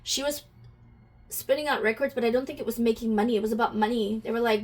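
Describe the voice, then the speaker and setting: A woman's voice: a little high, steady tone, fast. A woman giving an intuitive energy reading to camera, musing aloud, asking questions and talking directly to her viewers, easily moved to emotion.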